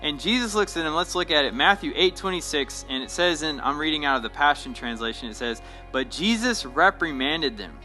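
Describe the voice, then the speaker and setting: A man's voice: on the high side, animated, a little fast, few pauses, sharp tone, faint music behind, poor audio. A young man, a pastor, giving a short devotional talk in a casual, conversational way that often checks in with "right?".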